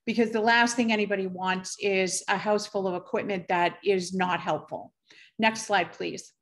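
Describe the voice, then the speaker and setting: A middle-aged woman physician presents at a conference in a slightly high voice. She speaks in a measured, careful way, pausing often with fillers as she explains clinical guidance.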